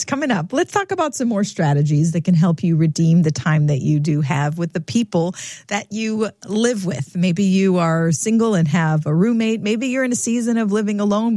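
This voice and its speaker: A woman's voice: mid-range voice, mellow, dry recording, clean studio sound. A woman hosting a radio talk show, asking her guest questions in a conversational way. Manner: conversational, searching for words. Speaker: radio host.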